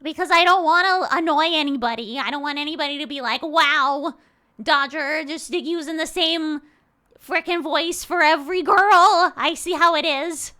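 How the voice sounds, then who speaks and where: A woman putting on a perky, high girl's voice for a heroine. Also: normal speed, bright, forceful tone. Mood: chirpy. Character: bright high-pitched girl heroine voice.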